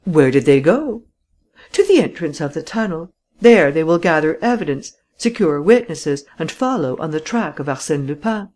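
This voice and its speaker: A woman voicing a calm, matter-of-fact male police commissary in a storybook reading. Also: deep voice, normal speed. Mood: confident.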